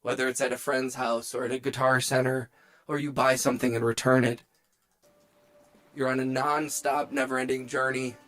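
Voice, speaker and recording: A man's voice: medium pitch, little pitch movement, normal speed, a bit bright, no room sound. A man hosting a casual late-night music livestream, rambling and joking as he reads the chat aloud, with music playing behind him. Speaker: livestream host and music producer. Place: home studio. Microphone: studio microphone.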